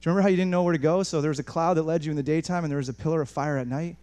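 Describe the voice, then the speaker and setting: A man preaching a sermon in an animated way, moving between quiet asides and raised, emphatic passages, with frequent restarts. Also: on the high side, racing, clean tone. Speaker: pastor.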